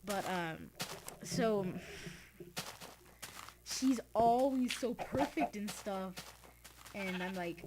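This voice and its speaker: Rambling teenage boy, loud noisy recording. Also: high voice, slow, pauses often. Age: teens. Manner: rambling, many fillers and restarts. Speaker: let's play host. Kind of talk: rambling casual storytelling. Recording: loud background noise with clicks.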